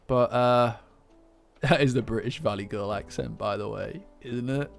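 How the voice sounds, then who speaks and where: A man's voice: medium pitch, unhurried, gravelly, soft background music. A man hosting a live stream, chatting casually and teasing his viewers. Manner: playful, bantering with chat.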